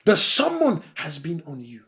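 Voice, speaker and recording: A high-pitched male pastor preaching a sermon. He drops low and soft to read scripture, then climbs to loud, emphatic declarations. The recording sounds dull and lo-fi. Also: wildly swooping pitch, unhurried, creaky.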